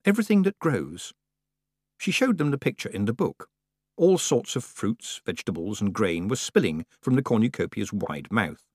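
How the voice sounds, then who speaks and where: A man narrating an audiobook in a lively, expressive storytelling manner. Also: lowish voice, normal speed, no echo, clean studio sound.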